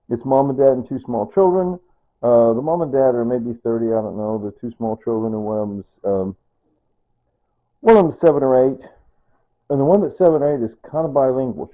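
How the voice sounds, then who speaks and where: An older man chats in a casual vlog, wandering from thought to thought and repeating himself in a sentimental way. His pitch swings up and down a lot as he talks. The sound is thin and tinny, like a phone line. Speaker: vlogger.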